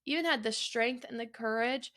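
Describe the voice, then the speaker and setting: A woman's voice: on the high side, moderate pace, a bit bright. A woman hosting her own podcast, talking candidly and emotionally, swearing freely and choking up at times. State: choked up at times. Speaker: podcast host. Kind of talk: personal solo podcast.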